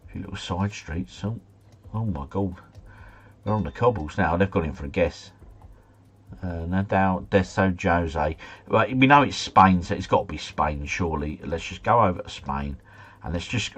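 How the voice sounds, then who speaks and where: A man's voice: deep voice, lively intonation, moderate pace, husky. A man streaming live, chatting casually and muttering asides as he plays a geography guessing game. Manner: chatty, mutters asides, mild swearing, easily flustered.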